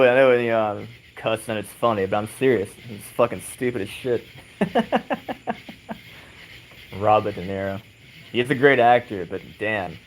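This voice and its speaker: Rocking on an outdoor porch swing, a man hosting a livestream chats loosely with viewers, with plenty of swearing and regular chuckles. His voice is lowish, and the rough recording has a bit of hiss or hum.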